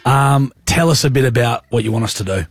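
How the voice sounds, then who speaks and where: A man's voice: medium pitch, a little fast, husky, no echo. A man with an Australian accent hosting a radio segment, chatting in a blokey, joking way. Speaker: radio host. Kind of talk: casual radio banter.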